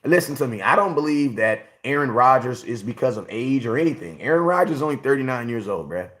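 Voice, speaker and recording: A man's voice: medium pitch, animated, fast, a bit bright. Blunt forty-year-old man ranting to chat. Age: 40s. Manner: blunt, repetitive, talks straight to chat. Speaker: sports livestream host. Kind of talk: casual livestream commentary.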